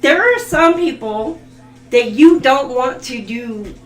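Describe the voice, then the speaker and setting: A woman's voice: high voice, lively intonation, takes it slowly. A woman giving a live tarot reading, laughing often and swearing bluntly. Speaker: tarot reader. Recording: echoey room with faint music.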